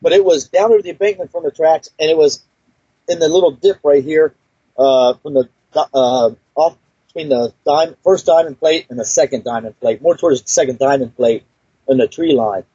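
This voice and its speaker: Husky rambling man telling a story. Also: a little high, moderate pace, dark tone, no echo. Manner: rambling, full of fillers and restarts. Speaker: guest storyteller. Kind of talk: personal story told casually. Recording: dull lo-fi recording, dry.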